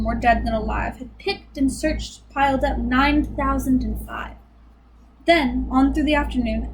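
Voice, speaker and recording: A woman reading a rhyming picture book aloud in a rhythmic, expressive way. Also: high-pitched, noisy background. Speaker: storyteller.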